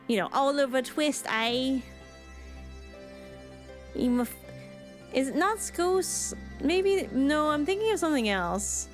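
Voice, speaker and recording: A woman streaming a game, her voice fairly high. She chats in a casual, playful way and keeps wandering into rambling asides, while faint music plays behind her. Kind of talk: casual let's-play commentary.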